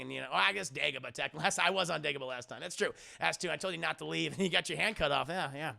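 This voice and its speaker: A young man casually reviewing a film on a live stream, animated, chatty and profane. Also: fairly high pitch, fast talker, vocal fry, few pauses.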